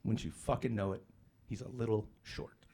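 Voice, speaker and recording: A man doing a stand-up comedy set, telling a profane story with sudden loud outbursts. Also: fairly low pitch, fairly even intonation, normal speed, slight background noise. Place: comedy club stage with a live audience. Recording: live club with loud crowd laughter. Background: audience laughter.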